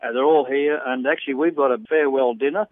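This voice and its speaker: A man's voice: mid-range voice, fairly even intonation, fast. A man with an Australian accent, an organiser of a charity ride, talking earnestly and ramblingly with many fillers. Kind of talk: phone interview. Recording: tinny phone line, dry.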